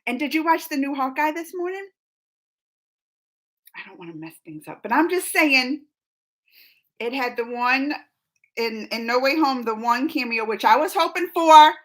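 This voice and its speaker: A young woman with a high, bright voice chats through a live stream, reading viewer comments aloud. She is excitable and laughs often, breaking into squeals of enthusiasm. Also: moderate pace, pauses often. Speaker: streamer hosting a live chat.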